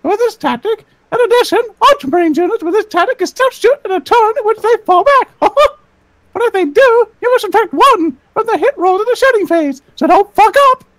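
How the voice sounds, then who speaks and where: A man voicing a cheerful but menacing male warlord in a squeaky cartoon mouse voice during a comic livestream. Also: expressive, fairly quick, a bit bright, no room sound. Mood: cheery rules. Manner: giddy, high cartoon squeak with a threatening edge. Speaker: streamer.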